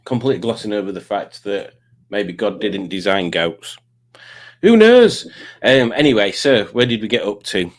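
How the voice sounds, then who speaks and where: A man's voice: on the low side, lively intonation, normal speed. A man hosting a live quiz stream, rambling casually and reading out viewer comments. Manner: rambling, reads out chat comments.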